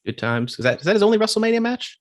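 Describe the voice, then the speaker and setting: A man's voice: sits high, big pitch swings, racing, no room sound, clean studio sound. A man co-hosting a wrestling podcast in casual chat, with wry, sarcastic asides. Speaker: podcast co-host.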